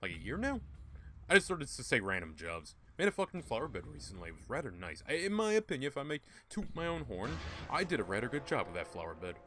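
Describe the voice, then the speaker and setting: With huge pitch swings and a fast pace, a young man rambles, jokes, and swears through casual gameplay commentary for his YouTube gaming channel. His medium-pitched voice is pushed and bright, with slight background noise.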